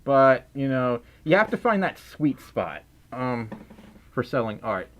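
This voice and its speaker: A man's voice: medium pitch, sing-song, a little slow. A man from Mississippi with a Southern accent, casually chatting on a livestream and reading out donations, tired, giggly and a little silly. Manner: silly and giggly, often trails off and restarts. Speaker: livestream host.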